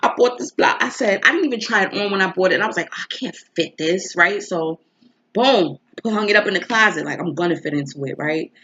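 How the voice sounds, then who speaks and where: A woman's voice: fairly low pitch, expressive, fairly quick, a bit bright, lo-fi sound. A woman, an astrology and tarot reader, talking in a rambling, emotional way with a stuffy nose from crying, throwing in rhetorical asides. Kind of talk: casual confessional vlog chat. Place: home.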